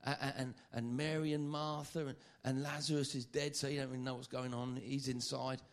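A man preaching a sermon, lively and joking, often stammering and repeating phrases. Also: medium pitch, moderate pace.

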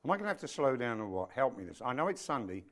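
A man's voice: medium pitch, sing-song, racing, a bit bright. A male pastor preaching a sermon to his congregation, fervent and emphatic, often asking the listeners questions. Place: church.

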